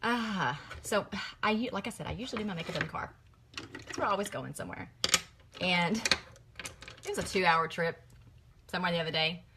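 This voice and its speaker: A middle-aged woman with a drawl talks through her makeup routine in a bright, crisp voice. She gushes and rambles with lots of asides, her pitch sitting in the middle for a woman. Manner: gushing, chatty, rambling asides. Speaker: makeup vlogger. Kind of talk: chatty makeup tutorial.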